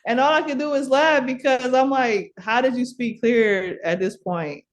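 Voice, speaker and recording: A woman's voice: on the high side, normal speed. Middle-aged woman from milwaukee telling a story on a podcast, chatty, laughs a lot, fillers and restarts everywhere. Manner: animated, laughs often, many fillers and restarts. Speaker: podcast guest. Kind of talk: casual storytelling.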